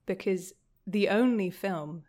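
A woman's voice: medium pitch, slow pace, a little mellow. A young woman from the UK, a podcast guest who chats casually, laughs often and hesitates with many ums. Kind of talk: casual chat.

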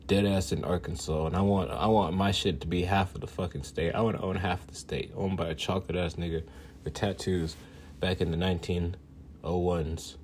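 A man's voice: low-pitched, level tone, fairly quick, darkish tone, a little hiss or hum. A man ranting casually for laughs, boastful and profane, laughing often. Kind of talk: casual comedic rant.

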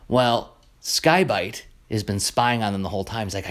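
A man hosting a podcast, telling an episode's story in a casual, animated way with many fillers and restarts. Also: fairly low pitch, moderate pace. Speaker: podcast host. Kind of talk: casual commentary on a cartoon episode.

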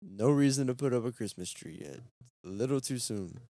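A young man trades jokes on a casual late-night podcast. His voice bounces around lively in pitch, and the recording is close and dry. He teases and swears offhandedly. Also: a little fast, dry recording. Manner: teasing, joking, swears casually. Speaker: podcast co-host. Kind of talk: casual banter.

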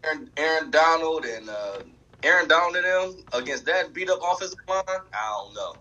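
A man co-hosting a sports podcast, talking in an animated, emphatic, trash-talking way. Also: on the high side, normal speed, poor audio. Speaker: podcast co-host. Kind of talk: casual sports chat.

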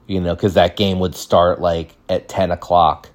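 Low-voiced man telling rambling stories. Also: little pitch movement, measured pace. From California. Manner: rambling, acts out quotes in high mimicking voices. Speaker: podcast host. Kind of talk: casual storytelling monologue.

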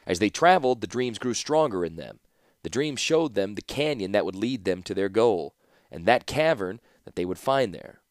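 A man reading a fantasy novel aloud in an even, measured narration. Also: on the low side, no room sound, studio quality. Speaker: audiobook narrator. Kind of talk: scripted narration.

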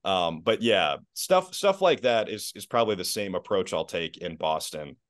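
A man's voice: low-pitched, lively intonation, normal speed, no room sound, studio quality. A man talking casually as a guest on a sports podcast, easygoing and self-deprecating, laughing often. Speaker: podcast guest, basketball play-by-play announcer.

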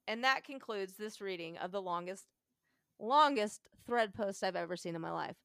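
A woman co-hosting a podcast, doing a casual dramatic reading of an internet post, animated and often laughing, slowing down and speeding up as she reads. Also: mid-range voice, creaky, clear, resonant tone, no echo, clean studio sound.

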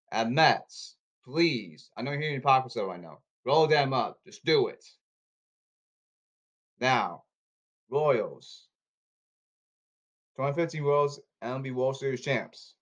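A man's voice: mid-range voice, fairly bright tone. A man rambling in an insistent, repetitive way, often restarting his sentences. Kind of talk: rambling address to camera.

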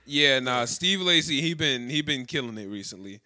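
A young man co-hosting a casual podcast chat, arguing his point in a quick, lively way. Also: mid-range voice, dry recording, clean studio sound. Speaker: podcast co-host.

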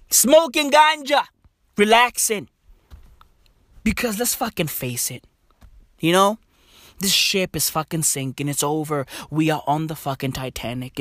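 A man's voice: sits high, no room sound, clean studio sound. Exasperated sweary man. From South Africa. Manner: exasperated, sweary, slangy, swinging from loud outbursts to weary mutters. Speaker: comedian. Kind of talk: profane stand-up rant.

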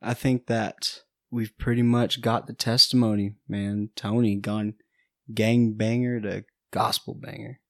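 A man hosting an interview, reacting calmly and asking the guest questions. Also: fairly low pitch, a little slow, no echo, clean studio sound. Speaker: host.

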